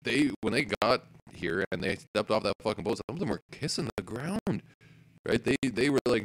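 A man's voice: mid-range voice, expressive, normal speed, poor audio. A man in a casual podcast chat, ranting with heavy swearing and putting on mocking voices. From Canada.

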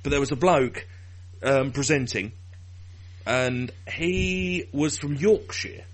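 A man's voice: medium pitch, slow. A man with an Essex accent co-hosting a podcast, chatting casually with lots of swearing and laughter. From England. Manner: sweary, laughs often, animated. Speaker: podcast co-host. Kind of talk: casual chat.

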